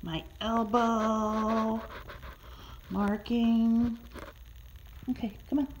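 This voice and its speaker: A pet sitter in a client's home, cooing in high sing-song baby talk to a cat while filming on a handheld phone. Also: female voice, level tone, drawn-out words, slight background noise, low-quality recording. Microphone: handheld phone camera.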